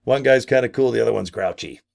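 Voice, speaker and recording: A man's voice: medium pitch, fast, gravelly. An older man vlogging a casual promotional rant, goofy and crude, full of exaggerated asides and silly put-on voices. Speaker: marketing vlogger.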